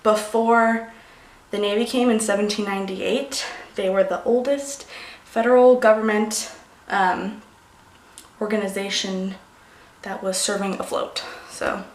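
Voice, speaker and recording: A woman's voice: medium pitch, fairly even intonation, a little slow. A young pregnant woman chatting casually in a vlog, rambling and emotional, losing her sentences. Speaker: beauty vlogger. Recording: echoey room, faint noise.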